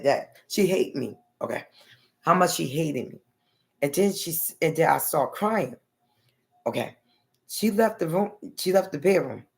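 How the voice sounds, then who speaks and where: A woman's voice: deep voice, gravelly, darkish tone. A woman vlogger telling a long personal story in a rambling, blunt way, often adding okay and honey.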